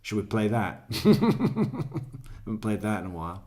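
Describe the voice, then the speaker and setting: A man's voice: lowish voice, fairly even intonation, a little fast. A man giving casual, profane, rambling commentary on court footage, laughing at his own jokes. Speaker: true crime commentary host.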